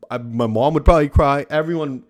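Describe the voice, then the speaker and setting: A man's voice: fairly high pitch, brisk. A young man hosting a casual podcast monologue, ranting with lots of swearing and "like" fillers. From Canada. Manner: profane ranting, heavy use of "like". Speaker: podcast host.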